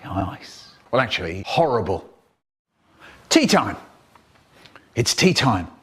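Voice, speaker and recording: An older man reciting comic poems and stories in a theatrical manner, his voice swooping between whispers and shouts. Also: mid-range voice, very animated, takes it slowly, breathy edge. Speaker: storyteller. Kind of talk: chopped-up comic poem recital.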